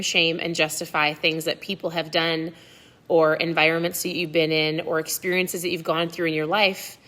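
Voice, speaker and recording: A woman's voice: lowish voice, pushed and bright. A middle-aged woman hosting a book club in a casual live chat, talking straight to her viewers and often asking "right?". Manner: chatty, frequently asks "right?", addresses viewers directly.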